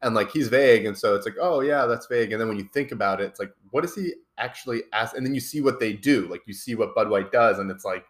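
Male podcast co-host, low register, loose rambling film talk. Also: quick pace, few pauses. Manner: rambling, restarts with lots of "like". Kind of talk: casual film discussion.

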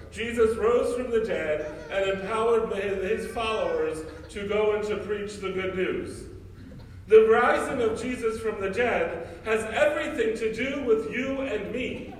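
A man's voice: sits high, a little hiss or hum. A male priest giving a sermon, preaching emphatically with repeated rhetorical questions. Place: church. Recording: echoey church from far off.

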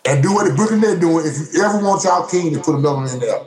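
Man, slightly high voice, animated sports rant, echoey room. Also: rapid-fire. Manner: animated, repetitive, mock-quoting others in a raised voice. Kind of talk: casual sports banter.

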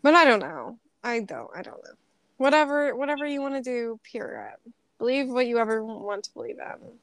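Giggly young woman, crisp dry voice. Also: on the high side, animated, normal speed, dry recording. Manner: giggly, rambling with many fillers. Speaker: co-host. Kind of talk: casual chat.

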